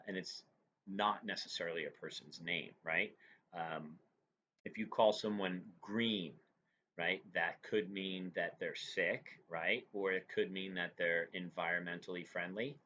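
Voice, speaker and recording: Lower-pitched male teacher, lo-fi lecture. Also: pushed and bright. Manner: explains step by step with frequent "right?" checks. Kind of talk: recorded classroom lecture. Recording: dull lo-fi recording with faint noise.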